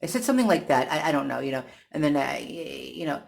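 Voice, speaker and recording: A vlogger telling a personal story in a casual, halting way, with frequent restarts and repeated words, sounding irritated and exasperated. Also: mid-range voice, animated, gravelly, a little hiss or hum. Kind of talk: casual first-person account.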